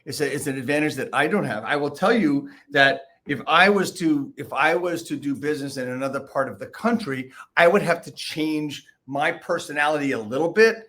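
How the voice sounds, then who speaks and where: A man's voice: on the high side, brisk, few pauses, fairly bright tone. Blunt Northeastern American man host. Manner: blunt, direct. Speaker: podcast host. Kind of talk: podcast interview.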